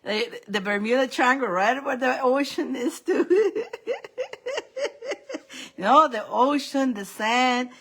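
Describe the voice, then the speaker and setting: A middle-aged woman hosts a casual live reading stream, her voice sitting a little high. She rambles from one thought to the next and breaks into giggles often. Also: lively intonation, takes it slowly, pauses often, fairly bright tone, breathy edge. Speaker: psychic reader and live host.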